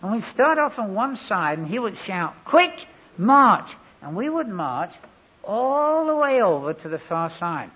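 Husky-voiced preacher. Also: male voice, high-pitched, sing-song, moderate pace, few pauses, fairly bright tone. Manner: wry humorous anecdotal delivery. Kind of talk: sermon with storytelling. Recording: dull lo-fi recording.

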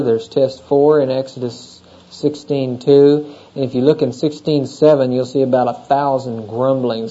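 Male pastor, mid-pitched and warm, working through scripture with asides to the congregation, dull lo-fi recording. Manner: conversational, asks the congregation questions. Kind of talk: expository sermon.

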